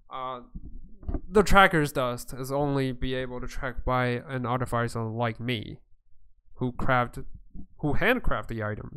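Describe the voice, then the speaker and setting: A man voicing a weary, secretive male deep gnome artificer who speaks formally and with resignation. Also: fairly bright tone, slight background noise.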